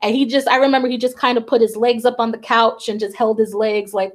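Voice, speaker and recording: A woman with a slightly high voice talks fast and with fairly even intonation, hosting a talk show as a psychic medium. She tells a personal story chattily, packed with "like" and "you know," acting out the quoted voices.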